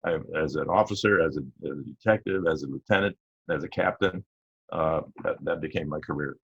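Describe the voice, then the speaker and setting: An older man, a retired police captain, telling stories from his life in a rambling, halting way full of fillers and restarts. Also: extremely low pitch, fairly bright tone, breathy edge, no room sound. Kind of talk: casual storytelling interview. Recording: dull lo-fi audio.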